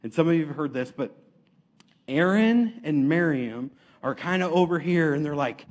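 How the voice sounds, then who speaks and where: A man preaching a sermon, retelling stories in a lively, casual way and acting out the quotes. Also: fairly high pitch, normal speed.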